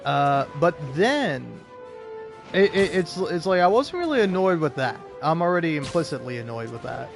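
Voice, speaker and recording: A man's voice: a little high, big pitch swings, moderate pace, creaky, music in the background. A young man streaming a game, rambling, swearing and joking at his own expense in casual chat. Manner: rambling, swearing, self-deprecating.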